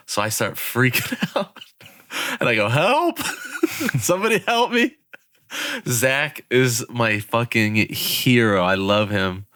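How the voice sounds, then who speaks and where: A man's voice: on the low side, clean tone, no echo, clean studio sound. A young man, a podcast co-host, casually telling a story with frequent laughter and swearing. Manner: laughing, swearing, animated retelling.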